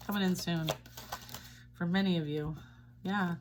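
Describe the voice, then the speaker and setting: A woman's voice: on the low side, fairly even intonation, a little slow, background noise. A woman giving a casual tarot reading, chatty and reassuring, often checking in with "all right?". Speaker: tarot reader.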